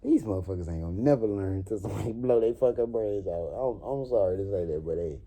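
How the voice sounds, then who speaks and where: Animated young man. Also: on the low side, quick pace. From New Orleans. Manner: animated, swearing, laughs often. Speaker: vlogger. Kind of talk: casual story time monologue.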